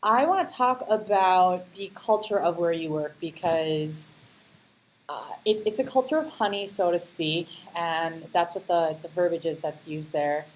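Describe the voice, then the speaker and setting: A woman hosting an interview, firing off quick questions in a playful way and laughing often. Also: lowish voice, a little hiss or hum, low-quality recording. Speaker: interview host.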